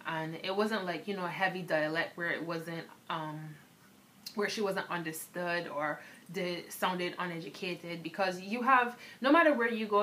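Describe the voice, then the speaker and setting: Young bajan woman chatting to camera, bright voice, kinda low, accent slips in and out, lots of um and like. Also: normal speed, a little hiss or hum. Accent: Barbadian, shifting toward American. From Barbados. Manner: frank and candid, with lots of fillers like "um" and "like". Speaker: vlogger. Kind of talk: casual storytelling to camera.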